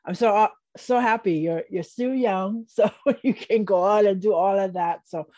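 A woman's voice: mid-range voice, dry recording. Older woman host, encouraging and dry. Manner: warmly encouraging, quick to affirm with short responses. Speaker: podcast host. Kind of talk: casual conversational interview.

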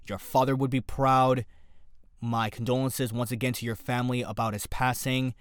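A young adult man hosting a casual solo podcast, animated and jokey, talking fast in bursts. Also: mid-range voice, dry recording, clean studio sound. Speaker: podcast host.

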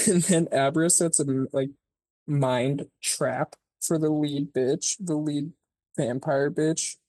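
A podcast co-host casually retelling a movie plot, rambling and swearing, filling every pause with "like" and acting out the characters' lines. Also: mid-range voice, fairly even intonation, darkish tone, no echo. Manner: rambling, profane, peppered with "like"; acts out characters' lines mid-story.

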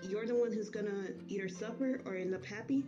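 Woman, earnest advice, calm and measured, dull lo-fi recording, clear background music. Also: medium pitch. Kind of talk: casual chat, giving advice.

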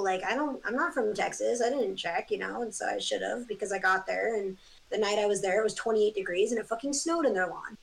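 Woman guest on a chill podcast, swears a lot, tells stories all lively. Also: mid-range voice, fairly quick, vocal fry, poor audio. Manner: animated storyteller, swears often. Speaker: guest artist. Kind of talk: casual chat.

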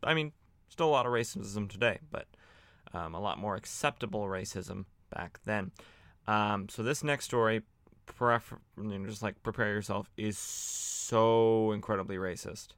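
A man's voice: lowish voice, moderate pace, a bit bright, dry recording. A man hosting a podcast, chatting casually and sardonically as he recaps old comic books, with lots of fillers and restarts. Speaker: podcast host.

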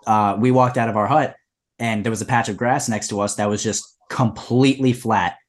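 Young man riffing absurd stories deadpan. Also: lowish voice, normal speed. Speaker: podcast co-host. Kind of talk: comedic casual chat.

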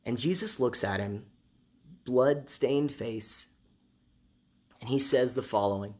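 A man's voice: mid-range voice, slow, a little mellow. Guy preaching a sermon, chatty, keeps repeating lines to hammer them home. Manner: conversational, repeats phrases for emphasis.

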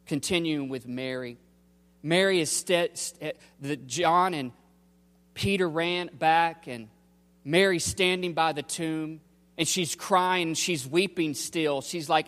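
A pastor preaching a sermon, a man speaking slowly and emphatically, with pauses and repeated phrases. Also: on the high side, a bit bright, long reverb tail.

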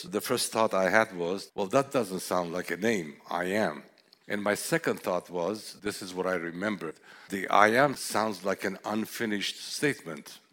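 Male preacher, deep-ish voice, earnest and reflective. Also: a bit bright. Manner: earnest, reflective storytelling with scripture readings. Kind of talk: sermon.

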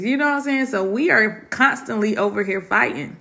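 A woman's voice: mid-range voice, animated, fairly quick, creaky, few pauses, sharp tone. A woman hosting a solo podcast from her dining room, talking candidly and heartfelt to her listeners. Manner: heartfelt, confiding, addresses listeners as y'all. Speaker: podcast host.

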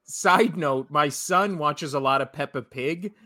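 Bright, joking man on a sports podcast. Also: a little high, a little slow, no room sound, clean studio sound. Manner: joking, rambling, laughs often. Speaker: podcast co-host. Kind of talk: casual sports podcast chat.

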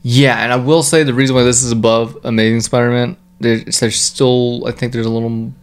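Man, mid-pitched voice, casual podcast talk, easygoing, quick to agree. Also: level tone, clean tone. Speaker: podcast co-host. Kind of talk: casual chat.

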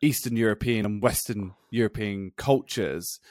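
A man's voice: on the low side, moderate pace, a little mellow, no echo, studio quality. A man co-hosting a podcast, chatting casually and rambling with restarts and laughs. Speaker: podcast co-host. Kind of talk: casual chat.

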